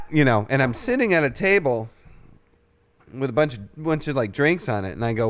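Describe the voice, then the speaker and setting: A man hosting a podcast and telling a long story in casual chat. He swears freely and jumps to a loud, high voice when he quotes himself. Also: lively intonation, brisk, no room sound. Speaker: podcast host.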